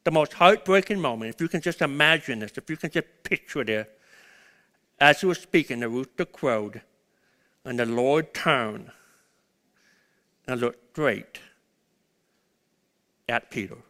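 A man preaching a sermon, swinging between loud urgent peaks and hushed low passages. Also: lively intonation, unhurried, pauses often. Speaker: pastor.

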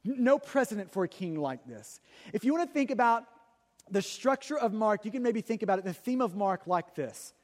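A man preaching a sermon in a conversational way, stumbling over and repeating words, then building to loud, emphatic peaks. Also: high voice, lively intonation, brisk, long reverb tail.

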